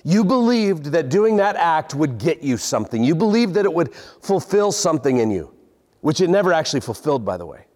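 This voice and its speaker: A man's voice: a little high, big pitch swings, a little fast, a little mellow. A man in his forties preaching a sermon to a congregation, earnest, often repeating words as he builds his points. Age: 40s. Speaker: pastor. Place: large hall with congregation. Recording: long hall reverb.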